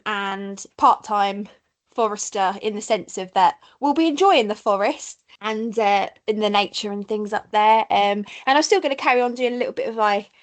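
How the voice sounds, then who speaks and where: A woman in her thirties with an Essex accent, co-hosting a podcast in chatty, bubbly conversation full of laughs. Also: fairly high pitch. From Essex, England. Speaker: podcast co-host. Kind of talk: casual chat.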